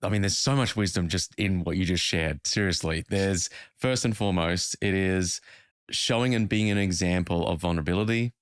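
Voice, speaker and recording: A man's voice: sits low, normal speed, clean tone, no room sound, studio quality. A man hosting an interview, affirming and thoughtful as he responds to his guest. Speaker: podcast host.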